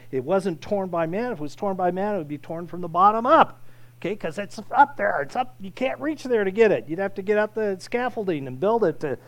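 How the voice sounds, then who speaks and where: A male pastor delivers a sermon in a high-pitched voice. He talks conversationally to his congregation, restarting phrases often, then swells loud to drive a point home.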